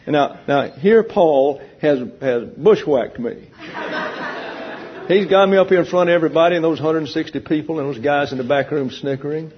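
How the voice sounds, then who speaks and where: A man leading a Bible class, teaching in a teasing, conversational way and explaining points slowly to a room of listeners. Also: fairly high pitch, crowd noise. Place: church classroom with an audience. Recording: dull lo-fi recording.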